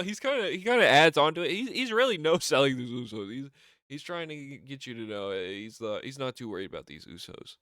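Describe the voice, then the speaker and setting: A man's voice: medium pitch, very animated, fairly quick, sharp tone, dry recording, clean studio sound. A man giving a rambling, casual recap as a show reviewer, often acting out quotes. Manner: rambling, acts out wrestlers' lines in raised voice.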